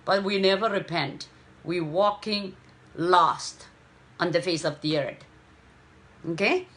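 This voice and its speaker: A woman preaches. She takes her time, pressing on key words and pausing to check in with her listeners. Her delivery is unhurried and earnest. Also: on the low side, animated, a bit bright. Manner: slow, emphatic preaching with frequent "okay?" checks. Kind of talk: sermon.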